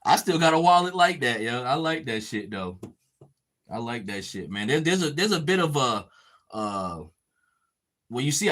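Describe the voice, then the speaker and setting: A man's voice: mid-range voice, a bit bright. A man hosting a casual podcast, chatting loosely and swearing a lot while he paints a figure and reads chat comments. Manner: profane, laid-back, reading chat comments. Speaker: podcast host.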